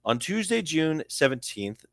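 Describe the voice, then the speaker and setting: A man's voice: fairly high pitch, sing-song, unhurried, fairly bright tone, no room sound, clean studio sound. A young man with a Canadian accent hosting a casual sports news video, reading an article aloud with chatty asides and stumbling over names.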